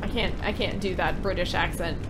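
A woman's voice: fairly low pitch, fairly even intonation, a little fast, very noisy. A woman in wry, exasperated casual chat while streaming a game.

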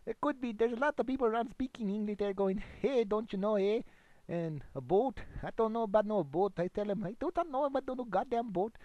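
A man voicing a bumbling, crude male radio DJ with a put-on foreign-sounding delivery and broken English, rambling excitably into a home computer microphone. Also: sits high, a little fast, no echo, lo-fi sound, close to an everyday voice. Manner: rambling, excitable, swings between loud bursts and mumbles. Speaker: comic radio host persona. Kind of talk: improvised comedy monologue.

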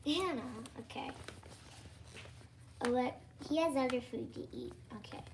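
Pretending to teach her dolls, a woman chats and reads a children's storybook aloud, casually starting over now and then. Her high voice is unhurried, creaky and somewhat dark in tone, with slight background noise.

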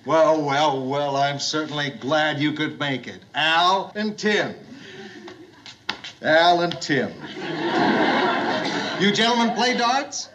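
A gruff boss forcing cheer. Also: male voice, on the high side, expressive, slow pace, long pauses, highs cut off, background noise. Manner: forced, overeager cheerfulness. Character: gruff middle-aged male boss turned eager bar host. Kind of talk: 1970s studio sitcom acting.

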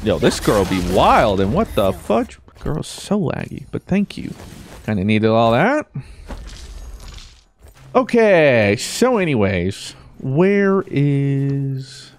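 A man commentating his own gameplay as a video host, joking around and breaking into sudden high yelps. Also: big pitch swings, slow pace. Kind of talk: let's play commentary.

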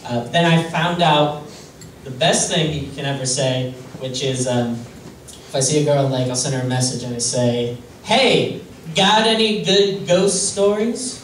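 A man doing a stand-up comedy set on a club stage, deadpan and self-deprecating, hesitant with many fillers. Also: medium pitch, normal speed. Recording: roomy distant club recording with noise.

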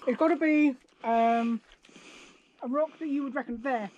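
A woman chatting in a quick, upbeat way while cycling outdoors on open moorland. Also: high voice, a little mellow, dull audio. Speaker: cycling club member. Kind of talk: casual chat while cycling.

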